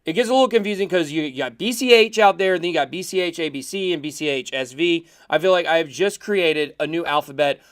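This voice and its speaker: Excitable high-voiced podcast co-host. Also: male voice, fast talker, few pauses. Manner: animated, laughs often, trips on words. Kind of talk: casual podcast chat.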